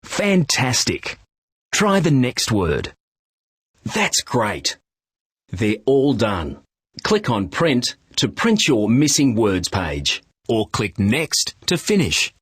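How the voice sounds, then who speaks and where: A man narrating a children's reading program, giving clear, encouraging instructions and praise. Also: medium pitch, huge pitch swings, takes it slowly, a bit bright, no echo, studio quality.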